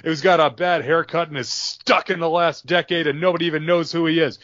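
A man's voice: on the high side, fairly even intonation, fairly quick, a bit bright, no echo, highs cut off, voice pushed up, lightly acted. A man doing a smug, arrogant heel wrestler. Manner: smug, condescending.

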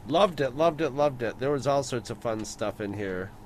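A man chatting as a podcast co-host, enthusiastic but halting as he gathers his thoughts. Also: mid-range voice, lively intonation, a little hiss or hum. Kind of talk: casual chat.

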